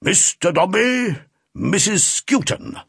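A man's voice: sits high, lively intonation, slow pace, gravelly, a bit bright, breathy edge, no room sound, studio quality, pitched above the performer's own voice, exaggerated voice. A man voicing a bluff, gallant old army major in a storybook reading, hearty and blustering.

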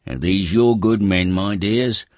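A man reading aloud, voicing a shrewd detective who asks brisk, probing questions. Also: on the low side, no room sound, clean studio sound, voice pushed up, natural voice.

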